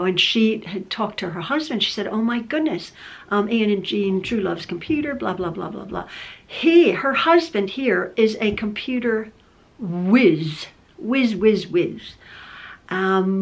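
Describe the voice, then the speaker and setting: An older woman, a quilting channel host, chatting casually to camera from her home sewing room and rambling with many fillers and restarts. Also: mid-range voice.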